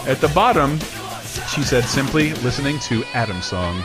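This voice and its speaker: A man in his twenties from Georgia tells stories in a casual, joking podcast chat. His voice sits at a middle pitch, and music plays clearly behind him throughout. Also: expressive, normal speed. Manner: joking, storytelling, laughs often.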